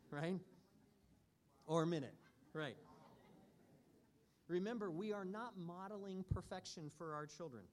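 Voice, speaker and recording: A man teaching a church parenting class in an earnest, measured way with frequent pauses. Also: mid-range voice.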